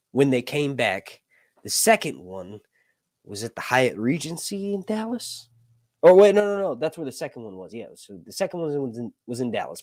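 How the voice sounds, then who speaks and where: A dry recording captures a mid-range, darkish male voice. The speaker is an American livestream host from the United States, chatting casually in a rambling, self-correcting and jokey way.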